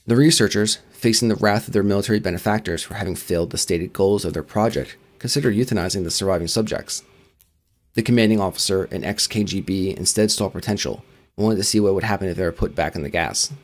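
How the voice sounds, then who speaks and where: Fast-talking low-voiced male narrator. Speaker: narrator and channel host. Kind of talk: dramatic creepypasta reading.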